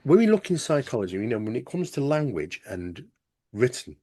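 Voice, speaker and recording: A man hosting a casual podcast conversation, explaining ideas in a relaxed way and often saying "you know". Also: medium pitch, brisk, dry recording, clean studio sound. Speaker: host.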